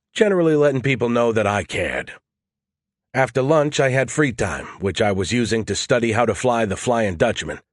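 A man narrating a first-person audiobook in a steady, matter-of-fact way. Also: on the low side, no echo, studio quality.

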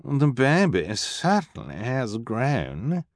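A shrill, preening villainess shrieks with glee, her voice far above a man's usual pitch, as a male narrator puts her on. The delivery swoops and leaps between high notes. The audiobook sound is dry and close. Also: wildly swooping pitch, takes it slowly, dry recording, full character voice. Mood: sneering. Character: shrill vain villainous woman, fashion-obsessed.

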